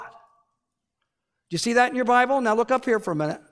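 A male pastor telling a family story in a sermon, with slow, emphatic, deliberate delivery. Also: extremely high pitch, animated, fairly bright tone.

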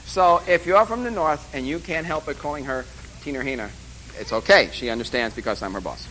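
A man's voice: on the high side, a little fast, pushed and bright, a little hiss or hum, low-quality recording. A man lecturing a class at a course orientation, rambling and joking with emphatic asides. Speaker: college instructor.

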